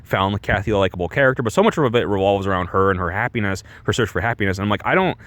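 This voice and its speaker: A man's voice: fairly low pitch, rapid-fire, a bit bright, dry recording. A man rambling casually through a movie review, restarting his sentences often and filling the gaps with "like" and "you know". He swears freely.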